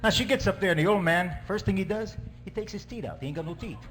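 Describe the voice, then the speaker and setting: In a comedy sketch, a man plays a joking middle-aged Italian priest, cracking jokes in broken English with a put-on Italian accent. His voice is high, fast, animated and fairly bright, and the mood is jovial. Faint music plays behind this stand-up character bit.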